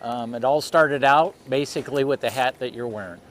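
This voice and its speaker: A man's voice: mid-range voice, brisk, slight background noise. A middle-aged man, a guest reenactor talking in an easygoing, plain-spoken way. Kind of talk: casual interview.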